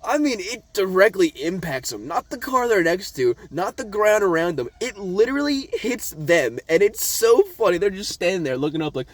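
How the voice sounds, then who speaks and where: A young man giving a casual, profane rant about a TV episode from his notes, excitable and laughing, swinging from loud high outbursts to low mumbles. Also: moderate pace, few pauses, no room sound. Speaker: vlogger reviewing a TV episode.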